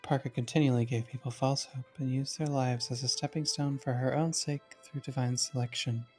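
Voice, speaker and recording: A friend reading a visual novel aloud, voicing a calm, composed male guide from the dream world in a measured, slightly formal way. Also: mid-range voice, faint music behind, natural voice.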